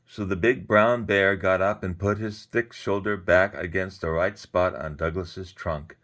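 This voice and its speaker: Deep-voiced man reading a story. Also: measured pace. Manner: expressive, animated reading. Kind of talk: reading a children's story aloud.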